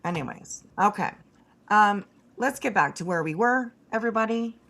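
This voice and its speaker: Talking straight to her chat on a casual livestream, this woman launches into a blunt, profane rant packed with fillers and restarts. Her medium-pitched voice is expressive and a bit bright, with some creak, at a normal speed.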